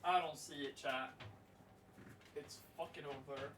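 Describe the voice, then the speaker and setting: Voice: medium pitch, steady tone, measured pace, background noise. A streamer from Sweden, chatting casually and profanely to a live audience from home. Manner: loose and profane, talks to chat and to a pet. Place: home room. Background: music.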